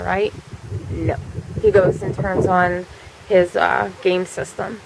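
A woman's voice: mid-range voice, level tone, slow, noisy background. Chatty woman telling a story, full of fillers. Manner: chatty, frequent fillers, swears freely. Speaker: vlogger. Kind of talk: casual storytelling.

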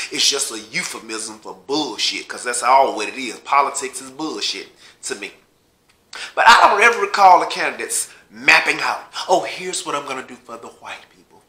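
A man's voice: medium pitch, expressive, a little fast, pushed and bright, reverberant. A man in a blunt, heated political rant, cursing heavily and mocking his listeners. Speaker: vlogger.

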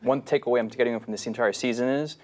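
A man hosting a Bible study panel discussion, animated and conversational, asking the panel questions. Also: medium pitch, quick pace. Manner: animated, retells scripture in character voices. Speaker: host.

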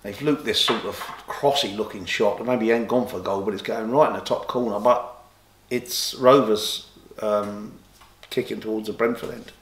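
A man's voice: lowish voice, steady tone, moderate pace, roomy sound. A man, an interview guest telling long rambling stories with many restarts, livening up when he quotes others. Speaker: interview guest, former boxer and golfer. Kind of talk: casual storytelling interview.

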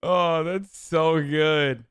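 A man streaming his reactions to clips, with animated, amused remarks in casual commentary. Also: fairly high pitch, very slow, clear, resonant tone.

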